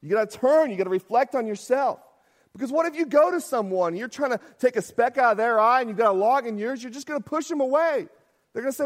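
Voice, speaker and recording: A man's voice: sits high, animated, fairly quick. A man preaching a sermon as pastor, talking conversationally, often asking "right?" and acting out quotes.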